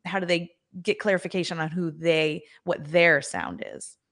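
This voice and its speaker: Brief: woman podcast host, lower pitch, attentive interviewer in casual chat. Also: steady tone, normal speed, a bit bright. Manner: attentive, asks questions, frequent backchannels.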